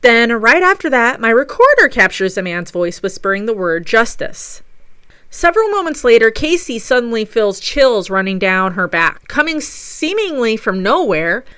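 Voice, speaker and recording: A woman's voice: fairly high pitch, sing-song, moderate pace, bright, forceful tone, clear, resonant tone, dry recording. A woman, a paranormal investigator, enthusiastically narrating a recap of a ghost investigation. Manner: enthusiastic storytelling.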